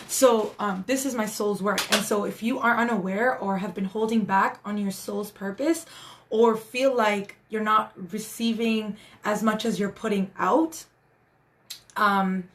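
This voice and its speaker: A woman hosting a casual live stream as a spiritual guide, talking in an earnest, encouraging way with many restarts. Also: mid-range voice.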